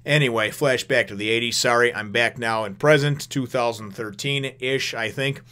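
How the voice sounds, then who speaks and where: A man's voice: mid-range voice, normal speed, sharp tone, clean tone. A man rambling through a casual manga chapter review, swearing freely and laughing as he goes. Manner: rambling, profane, laughs often.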